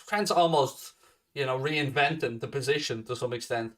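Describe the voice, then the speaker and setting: Male host, mid pitch, blunt sweary chat answering questions, recorded a little off-mic. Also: normal speed, fairly bright tone, far from the mic. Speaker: fan channel host. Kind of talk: casual live Q&A chat.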